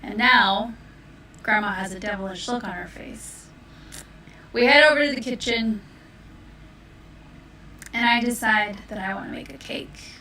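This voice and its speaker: Brief: a woman storyteller, playful, bright voice, slow delivery, distant mic in an echoey room. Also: medium pitch, slight background noise. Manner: playful, unhurried.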